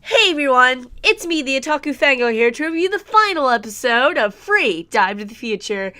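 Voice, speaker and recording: A woman talks through an anime episode in a casual review vlog. Her voice sits a little high and swings widely in pitch. She sounds gushing and emotional, and leans on easy fillers. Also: sing-song, moderate pace, bright, forceful tone, soft background music.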